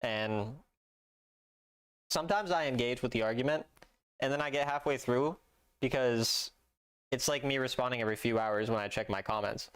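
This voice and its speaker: This is a streamer's casual gaming chat: a young man plays live, reads his chat out loud, and jokes dryly with an easygoing manner. His voice sits at medium pitch, fairly bright and clean in tone.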